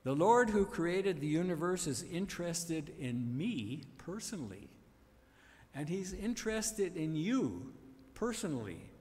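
A man's voice: fairly high pitch, animated, measured pace, few pauses, darkish tone, in a large hall. A man preaching a sermon on a psalm, emphatic and building to repeated refrains.

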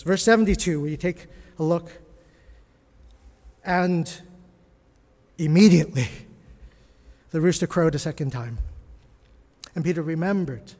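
Male pastor preaching, kinda high voice, goes whispery then loud, big echoey church hall. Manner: dramatic swings from hushed whispers to loud bursts. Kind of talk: sermon. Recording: long reverb of a large hall.

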